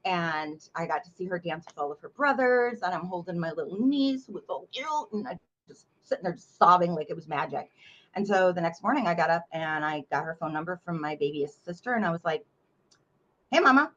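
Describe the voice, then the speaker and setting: A woman from North Carolina, a memoir author guest telling a story in a blunt, animated way and swearing freely. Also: lowish voice, brisk, muffled recording. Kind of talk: casual interview storytelling.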